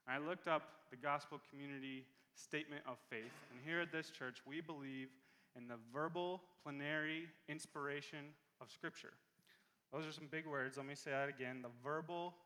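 A man preaching a sermon as pastor in a church, earnest and repeating key phrases slowly for emphasis. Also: on the high side, sharp tone, big-room sound. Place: church sanctuary.

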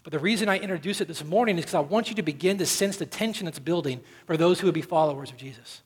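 A man preaching from the pulpit in a church, his voice sitting high for a man. He presses his points with rising force, then drops low and quiet on key words. The sound rings out with a long reverb through the sanctuary. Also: quick pace, husky. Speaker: pastor. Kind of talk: sermon.

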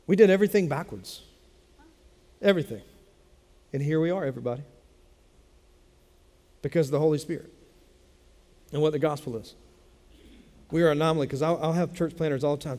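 A man's voice: on the high side, brisk, pauses often, mellow, big-room sound. A man preaching a sermon as a pastor, speaking in a conversational way and repeating phrases for emphasis. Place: church sanctuary.

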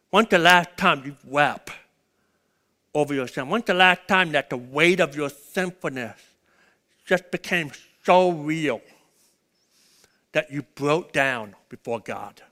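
A man preaching a sermon, swinging between loud urgent peaks and hushed low passages. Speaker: pastor.

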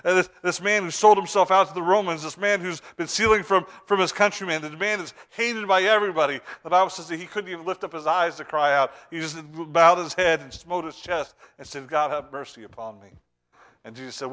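A man preaching a sermon with fervor, repeating and restarting words, swinging between loud urgent lines and hushed ones. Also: fairly high pitch.

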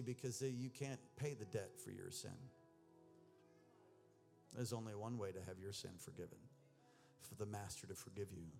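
A man preaching a sermon, animated, moving between loud emphatic reading and low, intense asides, with casual slang mixed in. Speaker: pastor.

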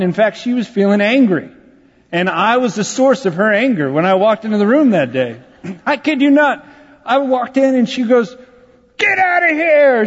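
A man's voice: sits high, in a large hall, dull audio. A man, a pastor telling a personal story in a conversational, self-deprecating sermon. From Texas, USA.

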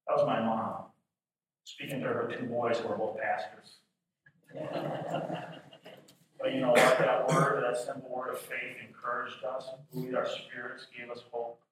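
Male preacher, fervent then hushed, bright voice, miked from afar in a big room. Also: medium pitch, level tone, a little slow, a little hiss or hum. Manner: swings from shouted fervor to hushed intimacy. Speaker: pastor. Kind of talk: sermon. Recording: roomy echo from a distant mic.

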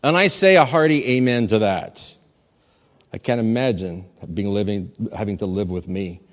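In a church sanctuary, a male pastor with a lowish voice preaches to his congregation at a normal pace, the long reverb of the large hall trailing his words. His delivery is animated as he urges the men, calls for the audience to repeat after him, and jokes with the crowd.

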